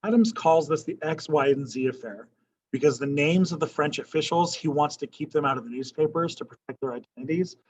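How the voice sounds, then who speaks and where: A man's voice: a little high, fairly quick, dull audio. A male history teacher lecturing a class in a casual, conversational way, often checking in with "right?" and asking questions.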